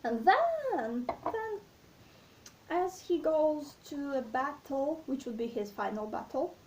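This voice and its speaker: A woman hosting a literature talk, explaining a play slowly and reflectively, hesitant, with many fillers and restarts. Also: high voice, very animated, a little mellow. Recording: voice distant from the mic.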